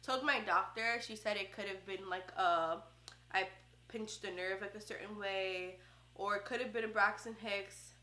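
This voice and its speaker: A young woman talks straight to a close camera in a loose, heartfelt vlog chat, full of "like" and "um." Her voice is bright and forward. The room around her rings with noticeable echo. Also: mid-range voice, fairly even intonation, moderate pace. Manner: chatty, heartfelt, many fillers like "like" and "um". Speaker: vlogger, first-time mom. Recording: roomy echo.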